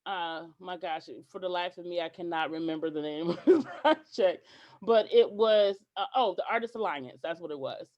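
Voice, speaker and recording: A woman guest on a podcast, telling stories in an animated way and acting out what people said, with some hesitant restarts. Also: fairly low pitch, normal speed, highs cut off. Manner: animated, acts out quoted dialogue. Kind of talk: podcast interview storytelling.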